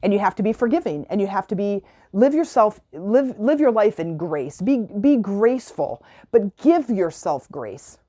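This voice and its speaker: Mellow-voiced woman giving a motivational talk. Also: medium pitch, sing-song, normal speed, hardly any pauses. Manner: earnest, repetitive, voices imagined clients. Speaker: podcast host and spiritual coach. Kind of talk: motivational self-help talk.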